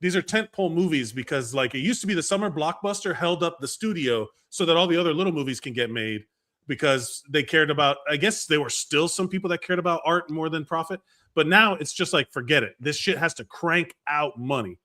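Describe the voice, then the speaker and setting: A man's voice: a little high, a little fast, pushed and bright. A man co-hosting a podcast, giving emphatic opinions and circling back to finish his thoughts in casual chat. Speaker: podcast co-host.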